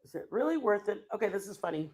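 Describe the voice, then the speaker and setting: Chatty american lady in her 50s rambling on a livestream, talks to her viewers, mid pitch. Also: sing-song, fast, darkish tone. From United States. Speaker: live streamer. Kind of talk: casual chat.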